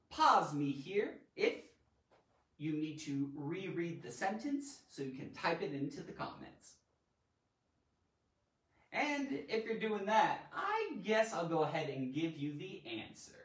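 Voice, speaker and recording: A man hosting a live online grammar lesson in a playful, animated way, tossing in silly sound effects. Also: on the high side, slow pace, long pauses. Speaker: grammar teacher and show host. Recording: roomy echo, mic at a distance.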